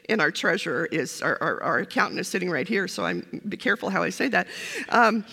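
Older woman, chatty sermon, self-deprecating jokes, bright tone, church hall reverb. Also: medium pitch, animated, a little fast, vocal fry, husky. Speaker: guest preacher, former pastor. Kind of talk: sermon with humor. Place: church sanctuary.

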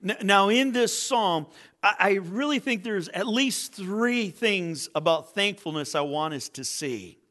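A man's voice: high-pitched, lively intonation, a little slow, bright, forceful tone. A male pastor preaching a sermon in church, telling a joke story and reading scripture, with small stumbles and restarts.

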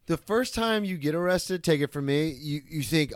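A man's voice: a little high, lively intonation, normal speed, few pauses, dry recording, clean studio sound. A man hosting a podcast in casual chat, laid-back and wry. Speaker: podcast host.

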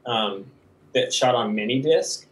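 A man's voice: medium pitch, measured pace, poor audio. A man chatting casually about making videos, rambling with frequent restarts and laughs. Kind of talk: casual conversation.

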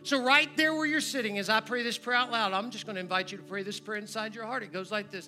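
A man with a high, very bright voice preaches in a church sanctuary, leading an invitation to prayer. He moves from loud, urgent appeals to hushed, prayerful lines, and soft music plays faintly behind him. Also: fast, hardly any pauses. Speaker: guest preacher, church member. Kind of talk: sermon with altar call.

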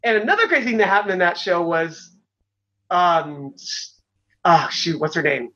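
A high-voiced middle-aged man spins loose, rambling stories, packed with fillers and casual swearing. The recording sounds dull and lo-fi, with the top end rolled off. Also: animated, moderate pace, bright, forceful tone. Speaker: former pro wrestler, guest. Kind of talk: casual storytelling.

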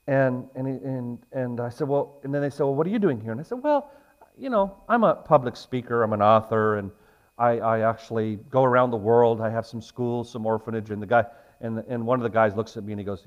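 Guy preaching, goes loud on the big lines then gets real quiet telling a story. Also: mid-range voice. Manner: rises to loud emphatic points, then drops to a soft storytelling tone. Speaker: pastor. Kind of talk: sermon with a personal story.

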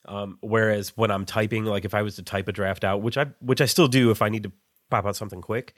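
A man's voice: on the low side, steady tone, quick pace, no room sound, studio quality. A man co-hosting a writing podcast, chatting casually with lots of "like" fillers. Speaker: podcast co-host.

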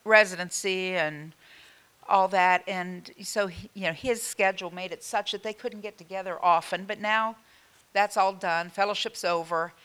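A woman's voice: mid-range voice, a bit bright, clear, resonant tone. A middle-aged woman on a parenting panel, talking in an upbeat, matter-of-fact way about her family. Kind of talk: casual panel chat.

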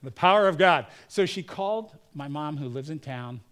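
A man's voice: fairly high pitch, animated, moderate pace, fairly bright tone. Storytelling man preaching a sermon. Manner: storytelling, acts out quoted voices. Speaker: pastor. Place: church.

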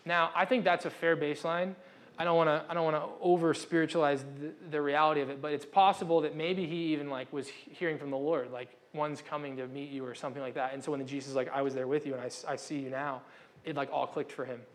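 A man's voice: fairly high pitch, flat delivery, fast. Chatty young male preacher. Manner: conversational, self-interrupting, acts out quotes. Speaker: pastor. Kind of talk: casual sermon.

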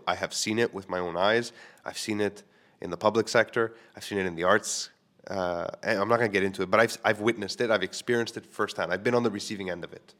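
A man in his thirties, from Quebec, hosts his own podcast alone. He talks in a candid, rambling way and leans on filler words. His voice sits on the low side. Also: a bit bright. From Quebec, Canada. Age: 30s. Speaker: podcast host. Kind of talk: solo podcast monologue.

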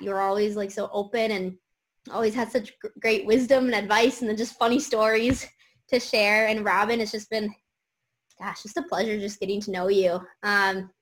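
A young woman giving heartfelt shout-outs to friends over a video call, grateful and halting, with many fillers. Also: medium pitch. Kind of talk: heartfelt casual tribute.

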